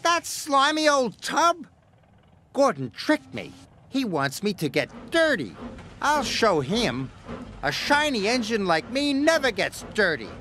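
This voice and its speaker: A man's voice: measured pace, few pauses, faint music behind, heavily acted. A man doing a vain, boastful toy engine. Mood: indignant. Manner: boastful, high and excited. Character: vain proud young male steam engine.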